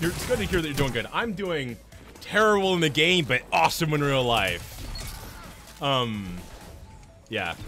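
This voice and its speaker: A man streaming a game, chatting casually and rambling through animated stories with lots of restarts. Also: mid-range voice. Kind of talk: casual chat while gaming.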